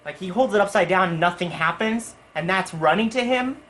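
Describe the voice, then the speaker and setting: A man's voice: high voice, a little fast, a bit bright. A hyper young man animatedly telling a story in his vlog, jumping between voices and asides. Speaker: vlogger.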